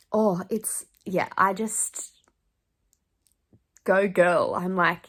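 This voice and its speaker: A woman's voice: fairly low pitch, steady tone, extremely slow, pauses often. A woman, chatting casually about a book she loves and reading passages aloud, gushing and emotional, laughing often. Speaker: book vlogger. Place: in bed.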